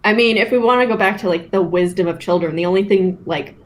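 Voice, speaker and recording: A woman with a Canadian accent, co-hosting a podcast and telling stories in an animated way, full of "like" and casual swearing. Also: mid-range voice, quick pace. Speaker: podcast co-host. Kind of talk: casual storytelling.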